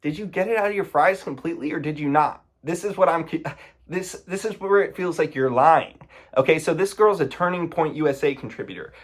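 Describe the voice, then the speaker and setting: A man's voice: a little high, a little fast. A man giving casual commentary, sarcastic and indignant, often breaking into exasperated outbursts.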